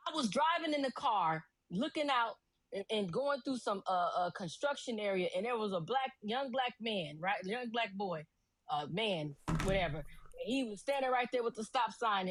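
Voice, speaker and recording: A woman guest speaks with passion and a preachy edge, urging her listeners on. Her voice is high, and the sound is dry and close with no room in it. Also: no echo. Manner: preachy, impassioned, calls people brother. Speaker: guest commentator. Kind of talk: impassioned commentary.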